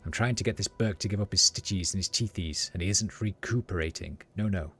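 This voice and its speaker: A man's voice: sits low, a little fast, pushed and bright, slightly rough, full character voice. A man voicing a half-mad old woman seamstress who mutters to herself in a sing-song way. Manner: sing-song, talks to herself, cackling scolding.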